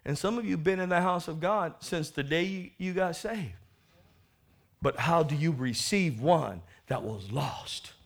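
This preacher's voice sits on the high side and moves a little slowly, full of expression. He addresses his congregation, acting out the scripture story with shifts from hushed remarks to long, booming shouts.

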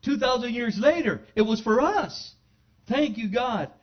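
High-voiced preacher in a dull recording. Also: male voice, expressive, unhurried. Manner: conversational preaching, rising to loud exclamations. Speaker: pastor. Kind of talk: sermon. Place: church sanctuary.

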